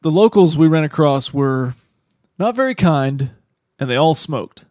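A man's voice: fairly high pitch, lively intonation, unhurried, a little mellow, no echo, studio quality. Wry man in casual chat. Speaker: podcast co-host.

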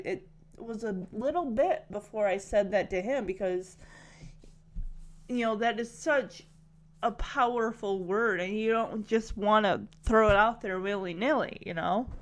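A woman's voice: on the high side, fairly bright tone. A woman recapping a TV episode in a chatty, gushing way. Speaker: show recap vlogger. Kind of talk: casual recap.

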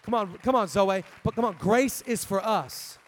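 Male pastor, high tenor, fervent live preaching, swings from hushed to shouting. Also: moderate pace, a faint crowd. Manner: impassioned, rising to shouted call-and-response.

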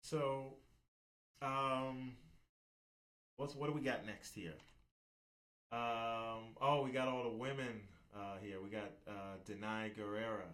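A man hosting a casual podcast chat, talking in a relaxed, rambling way with lots of fillers. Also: mid-range voice, takes it slowly, pauses often. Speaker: host.

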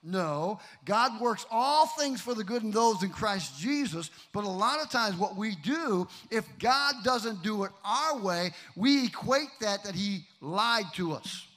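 A middle-aged man preaching a sermon, swinging from loud emphasis to hushed storytelling. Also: sits high, animated, measured pace, hardly any pauses. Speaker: pastor.

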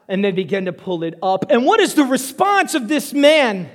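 A high-pitched man preaching a lively sermon, and he slips into quick voices for the people in his Bible stories. His voice rings through a big hall with a long reverb tail. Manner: animated, acts out Bible scenes in quick voices.

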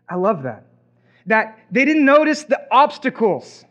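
A man preaching a sermon as pastor, animated and acting out imagined reactions. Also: very high-pitched, unhurried, muffled recording.

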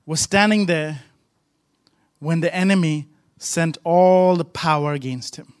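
A man's voice: on the high side, a little slow, dry recording. A man pastor preaching a sermon with emphatic, repetitive rhythmic phrasing.

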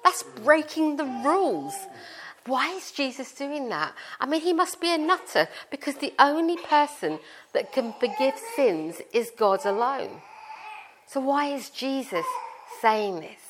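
A woman's voice: high voice, big pitch swings, a little slow, a little hiss or hum. Chatty middle-aged British woman preaching. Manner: chatty, informal, explains with family stories. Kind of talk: conversational sermon.

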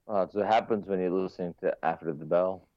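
A man's voice: deep voice, fast, dry recording. A man co-hosting a late-night fight podcast from home, talking casually and restarting his sentences often. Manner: rambling, restarts often, animated storytelling. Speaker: podcast co-host. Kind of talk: casual chat. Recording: dull lo-fi sound, dry.

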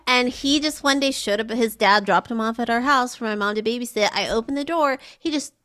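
A woman's voice: a little high, normal speed, bright, forceful tone. A young woman co-hosting a podcast who laughs often and chats casually. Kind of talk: casual chat.

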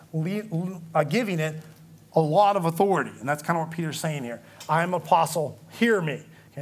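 A man teaches through a Bible passage in a relaxed, explanatory way. His voice sits fairly high, and he keeps stopping to check that his listeners are following. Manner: conversational, explanatory, frequent "okay?" check-ins.

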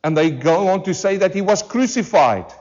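A pastor preaching a sermon to a church congregation, emphatic and full of rhetorical questions, slowing down hard on key words. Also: male voice, high voice, animated, a little mellow, dull audio. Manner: emphatic, with rhetorical questions and slowed, drawn-out stresses. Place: church service.

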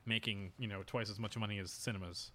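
A man co-hosting a podcast in casual chat, easygoing and quick to agree and chime in. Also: fairly low pitch, fairly even intonation, sharp tone. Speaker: podcast co-host.

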